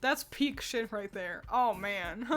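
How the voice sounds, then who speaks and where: Slow-talking, high-voiced woman streamer. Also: fairly bright tone. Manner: chatty, rambling, laughs often. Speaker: streamer reacting to fan art. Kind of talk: casual chat.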